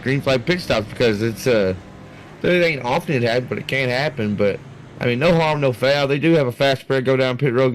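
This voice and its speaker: A man doing live play-by-play commentary for a sim racing league, rambling and excitable, talking to his producer on air. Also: medium pitch.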